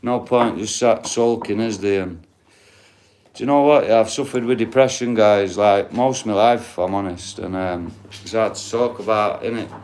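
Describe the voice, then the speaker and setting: At a moderate pace, a man in his late forties with a Yorkshire accent casually chats with his stream viewers, swearing liberally and addressing the chat directly. His voice is lowish and a touch mellow; he's from Yorkshire, England.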